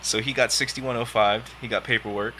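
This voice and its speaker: A young man swaps stories in casual podcast talk, animated and profane with frequent laughter. His voice sits at a middle pitch with a very bright, forceful edge. A faint noise sits underneath. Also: fairly quick. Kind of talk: casual chat, storytelling.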